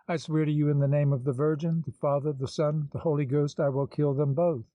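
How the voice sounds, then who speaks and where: A man voicing an excitable, hot-tempered organist who pleads and swears vehemently. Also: a little high, brisk, no echo, muffled recording, lightly acted.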